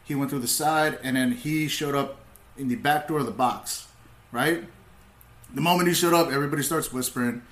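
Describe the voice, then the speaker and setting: A young man, a comedian, telling stories in laid-back casual talk, swearing freely and getting animated as he retells. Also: mid-range voice, moderate pace, reverberant, slight background noise. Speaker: comedian, podcast guest. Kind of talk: casual storytelling.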